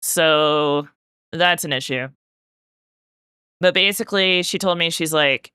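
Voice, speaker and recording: Bright, crisp-voiced woman streamer rambling to chat. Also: low-pitched, slow pace, long pauses, no room sound, clean studio sound. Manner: rambling storytelling full of "like" fillers; talks directly to chat while painting. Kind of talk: casual chat with live-stream viewers.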